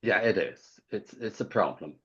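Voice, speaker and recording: A man's voice: lowish voice, expressive, moderate pace, highs cut off. A man being interviewed as an author guest, telling witty anecdotes in a campy way and chuckling often. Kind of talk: casual interview chat.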